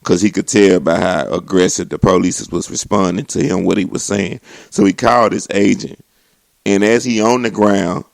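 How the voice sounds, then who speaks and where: Gravelly man ranting. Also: dry recording. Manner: animated, swings into mocking voices and high exclamations. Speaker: comedy show host. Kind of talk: profane comedic rant.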